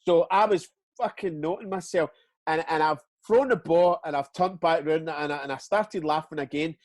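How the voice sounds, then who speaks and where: A Scottish man with a voice pitched a little higher than most men spins a story in casual chat. He swears freely and stumbles over repeated words. The recording is close and dry, with almost no room sound. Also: normal speed, no room sound. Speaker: retired footballer, interview guest.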